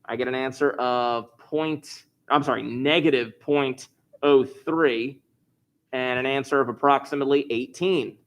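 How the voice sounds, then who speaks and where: A man's voice: mid-range voice, steady tone, a little slow. A male math teacher walking a class through review problems, thinking aloud as he goes. He slips in corny jokes between steps and keeps the tone loose and chatty. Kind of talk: recorded class review lesson.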